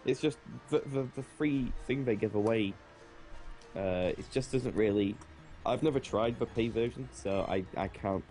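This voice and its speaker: Modest guest on a voice call. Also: male voice, on the low side, moderate pace, dark tone, soft background music. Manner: modest, laughs often, short agreeing replies. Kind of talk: casual voice-call chat.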